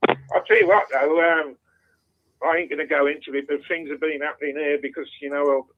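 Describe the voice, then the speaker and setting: A man's voice: on the high side, flat delivery, moderate pace. A man calling in to a phone-in show, chatting casually and rambling with lots of swearing over a phone line. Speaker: caller.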